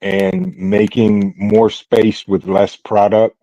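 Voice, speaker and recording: A man's voice: on the low side, level tone, slow, mellow, dry recording. A man hosting a casual group chat over an online call, laid-back and putting questions to the group. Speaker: host. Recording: dull lo-fi call audio.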